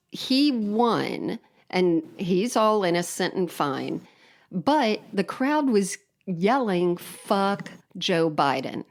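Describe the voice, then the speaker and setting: A woman co-hosting a podcast in casual chat, joking in a wry, deadpan way. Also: lowish voice. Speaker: podcast co-host.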